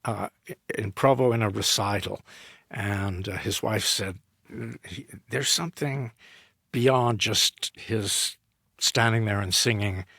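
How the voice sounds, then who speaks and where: A man with a low, gravelly and somewhat husky voice tells a story in a podcast interview. He animates the anecdote by voicing both people in the conversation. The recording is dry, with no room sound. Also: takes it slowly, no echo. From United States. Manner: animated anecdote, acting out both sides of a dialogue. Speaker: guest, opera director and tenor.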